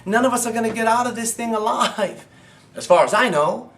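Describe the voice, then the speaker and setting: Fairly quick and fairly bright, a man's very high-pitched voice carries a motivational talk to camera in the role of a business coach. He fervently urges the listener on, emphatic and repetitive. The room is echoey and he sounds distant.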